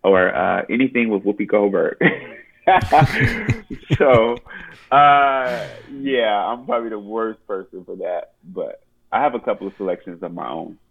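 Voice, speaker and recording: A man, an actor, chatting casually as a guest in an interview, playful and quick to laugh. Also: fairly low pitch, creaky, dull audio. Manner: laughs often, lively and playful.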